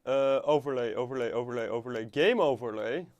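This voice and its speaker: A man's voice: mid-range voice, fairly quick, a little mellow, no echo, lo-fi sound. Rambling playful man streaming a game. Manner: rambling, playful, swears casually. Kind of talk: casual live game stream chat.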